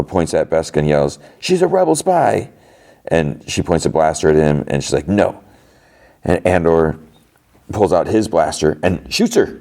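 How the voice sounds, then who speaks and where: Guy with a super low dark voice, rambling through a tv episode recap, lots of "he's like". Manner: retells scenes with lots of "he's like" and quick quoted lines. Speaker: podcast host recapping a TV episode. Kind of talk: casual recap.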